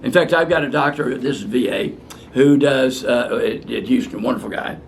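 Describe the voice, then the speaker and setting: A man's voice: mid-range voice, normal speed, creaky, a little hiss or hum. An older male physician answering viewer questions in a blunt, fiery and profane way, ranting at length. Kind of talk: unscripted question-and-answer talk.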